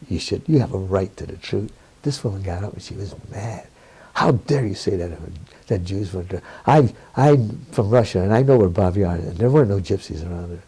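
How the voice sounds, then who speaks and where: An older man with a low, gravelly and slightly husky voice, speaking candidly in an interview. He tells his stories with animation, often breaking into laughter and acting out what others said. His tone is dark and mellow. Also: low-quality recording.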